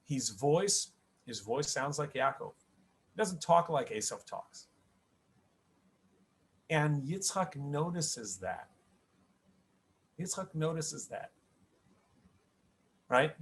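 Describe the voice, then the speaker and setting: Speaking slowly with frequent pauses, this middle-aged man has a slightly high voice and lively intonation. He is a rabbi giving a conversational lesson on the weekly Torah portion, regularly restarting sentences and asking "right?" to check in.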